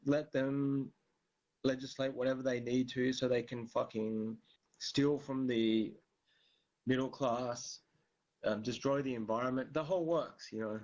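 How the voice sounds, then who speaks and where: A man's voice: mid-range voice, steady tone, measured pace, darkish tone. A man talking politics casually, rambling with many fillers and the odd curse word. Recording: dull lo-fi recording.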